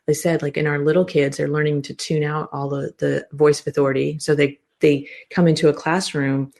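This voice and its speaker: Low gravelly woman in her fifties. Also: brisk. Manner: animated explaining, frequent restarts. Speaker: guest occupational therapist. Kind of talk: casual interview talk.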